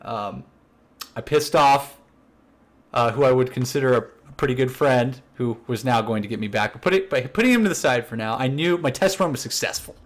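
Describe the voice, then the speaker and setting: A young man with a medium-pitched voice talks a little fast as a podcast co-host, casually recounting a prank. He's animated, acts out what his coworkers said, and laughs as he goes.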